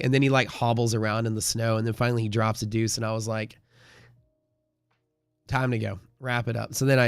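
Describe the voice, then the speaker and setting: A man's voice: fairly low pitch, gravelly, dry recording, clean studio sound. A man hosting a live day-trading stream, chatting casually in a rambling way, full of fillers and the odd swear word.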